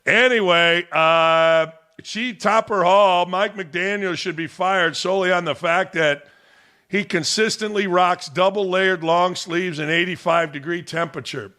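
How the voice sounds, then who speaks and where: A man's voice: high voice, a little slow, bright, forceful tone. A man hosting a sports talk show, giving blunt, combative opinions. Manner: blunt and combative, talks back to the audience.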